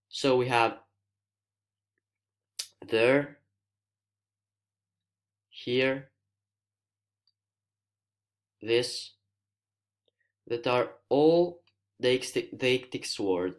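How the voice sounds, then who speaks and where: A male student from Italy, natively Italian and audibly accented, explains a poem for a screencast lesson. His mid-range voice has lively intonation, yet his delivery is careful and hesitant, with pauses while he hunts for words.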